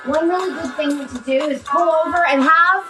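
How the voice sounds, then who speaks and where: A woman hosting a wellness session, giving a playful, rambling closing talk full of fillers and sudden mock shouts. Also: high voice, moderate pace, rough recording. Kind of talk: chatty closing talk to an audience. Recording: music playing behind.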